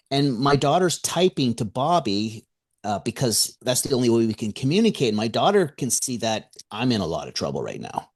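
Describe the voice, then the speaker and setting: Animated man telling a story. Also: mid-range voice, moderate pace. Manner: animated, acts out quoted voices; chuckles between remarks. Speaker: author and guest. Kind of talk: storytelling in a radio interview.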